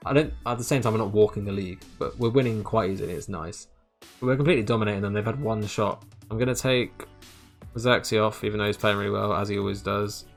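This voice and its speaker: A gaming YouTuber with a lowish voice gives casual, excitable commentary on a football management game. He's chatty, laughs often, and sometimes trips over his words.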